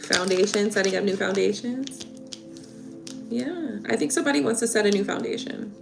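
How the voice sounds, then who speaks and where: A woman reading tarot on a livestream, chatting casually and warmly with viewers, laughing and getting emotional. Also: mid-range voice, moderate pace, vocal fry. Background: soft background music.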